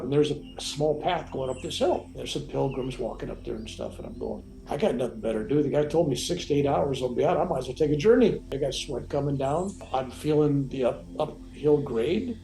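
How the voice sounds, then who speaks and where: A man's voice: mid-range voice, creaky. A man, the guest of an interview, telling a personal story in a casual, rambling way and acting out the dialogue. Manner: animated, rambling, acts out quoted dialogue. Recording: roomy sound with faint music.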